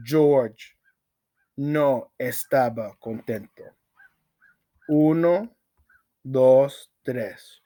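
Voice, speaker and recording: Guy teaching a language class, super slow, repeats stuff and counts pauses, goes big on the oh nos. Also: on the high side, a little mellow. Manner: dramatic exclamations between asides. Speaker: Spanish teacher. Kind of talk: storytelling language lesson.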